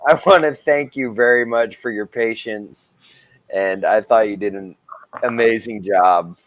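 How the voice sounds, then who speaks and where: A man's voice: on the low side, measured pace, no room sound, dull audio. A man in a tabletop game group, sincerely thanking the game master in casual chat. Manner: earnest, thankful. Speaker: player.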